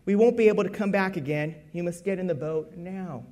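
A man's voice: high voice, brisk, mellow, lightly acted. A man voicing an urgent coast guard rescuer pleading with a stranded man to get in the boat. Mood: stern. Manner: urgent, pleading then stern.

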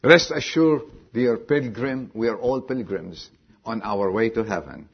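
A man preaching a sermon, dropping low and quiet, then bursting out loud and high, and asking the congregation direct questions. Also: a little slow, breathy edge, highs cut off. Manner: swings from low quiet lines to sudden loud high exclamations. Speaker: pastor.

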